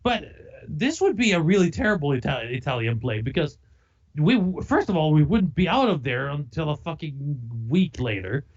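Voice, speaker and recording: A podcast co-host talks in casual chat, rambling and swearing with exasperation. The pitch swings widely from phrase to phrase. The audio sounds slightly dull and lo-fi. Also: very animated, moderate pace.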